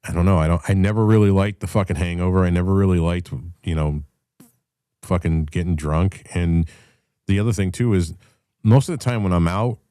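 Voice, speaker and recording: A man's voice: low voice, a little fast, dark tone, clean tone, no room sound, clean studio sound. A man hosting a casual call-in chat, telling stories in a blunt, profane way. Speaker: show host.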